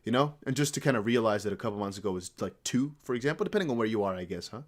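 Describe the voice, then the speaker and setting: Crypto streamer, male, from the Netherlands, near-American accent, lively swinging delivery, loose off-the-cuff chatter. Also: fairly low pitch, rapid-fire. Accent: American-sounding English with slight Dutch traces. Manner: rambling, animated, talks to chat. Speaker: crypto livestream host. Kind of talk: casual livestream chat.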